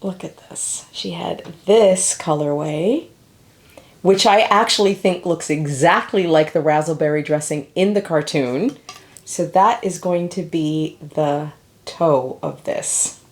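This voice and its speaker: A woman's voice: deep voice, takes it slowly. A middle-aged woman talking casually to camera as a knitting vlogger, chatty and sentimental, laughing easily.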